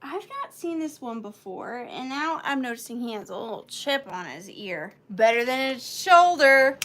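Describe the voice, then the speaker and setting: A woman's voice: fairly high pitch, very animated, normal speed, a bit bright. A woman hosting a live vintage sale, chatting playfully with viewers by name and counting down bids. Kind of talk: live auction selling chat.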